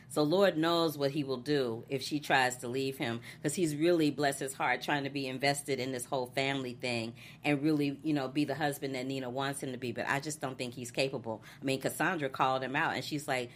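Brief: woman, low-pitched, animated chatty recap co-host. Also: slight background noise. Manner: animated, laughs often, acts out characters' lines. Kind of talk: casual chat.

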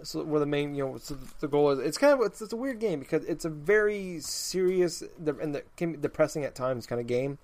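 A man's voice: a little high, expressive, brisk, few pauses, darkish tone. Rambling man explaining a game. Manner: rambling, many restarts while explaining. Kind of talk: casual chat.

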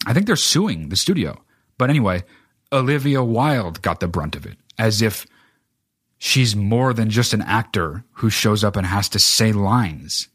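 A man's voice: lowish voice, lively intonation, unhurried, a bit bright, slightly rough, dry recording, studio quality. A man hosting a solo podcast, ranting casually about films in a profane, rambling way with lots of filler words. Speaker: podcast host. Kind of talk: casual solo film rant.

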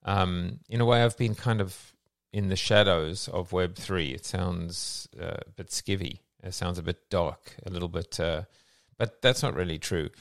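A man's voice: low voice, measured pace, creaky, no room sound, clean studio sound. A man hosting a casual online coffee chat, talking in a rambling, reflective way with many fillers. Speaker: host of a daily online audio coffee chat.

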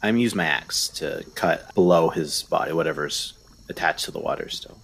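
A man's voice: rumbling low, moderate pace, creaky, fairly bright tone. A man playing in a tabletop game, speaking hesitantly with many fillers. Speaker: player.

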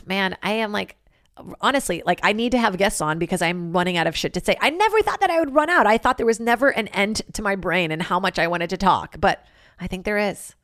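A woman hosting a comedy podcast alone, rambling and swearing freely and switching into loud acted-out quotes. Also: lowish voice, gravelly, no echo, studio quality. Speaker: podcast host. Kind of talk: casual solo comedy podcast monologue.

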